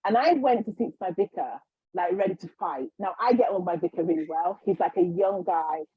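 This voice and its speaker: A slightly husky woman telling a personal story, chatty and animated, with quick restarts and acted-out quotes. Her voice sits at a middle pitch, heard dry and a little dull on the recording. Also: no room sound. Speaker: guest, healer. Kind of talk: casual storytelling.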